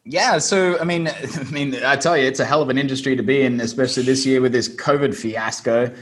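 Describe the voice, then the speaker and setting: A man's voice: mid-range voice, steady tone, brisk, fairly bright tone. Easygoing Australian man telling his story. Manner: easygoing, self-deprecating storyteller. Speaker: guest, SEO business owner. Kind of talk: casual interview.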